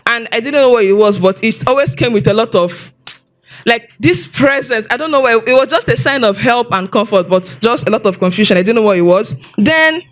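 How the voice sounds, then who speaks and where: A woman with a Nigerian English accent giving an animated, expressive personal testimony, often repeating herself as she tells her story. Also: fairly high pitch, fairly quick. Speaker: testimony speaker.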